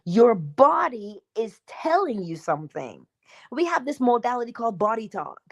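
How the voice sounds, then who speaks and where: On a morning livestream, a female spiritual teacher talks in an animated, fairly high voice that ranges widely. She's emphatic and chatty, asks the audience questions, and acts out quick dialogues with herself.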